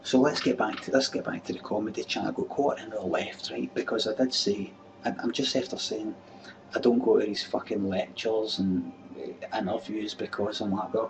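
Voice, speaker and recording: A man's voice: fairly low pitch, vocal fry. A Scottish man in his thirties hosting a webcam show, answering viewer questions in a blunt, sweary, exasperated rant. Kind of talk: casual ranting chat. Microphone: webcam mic. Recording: distant webcam mic with faint room noise.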